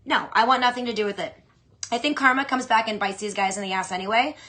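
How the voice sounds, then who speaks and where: Bright-voiced, chatty woman host. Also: a little high, a little hiss or hum. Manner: chatty, opinionated, animated, with quick asides. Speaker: fantasy football podcast host. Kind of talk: casual solo chat answering listener questions.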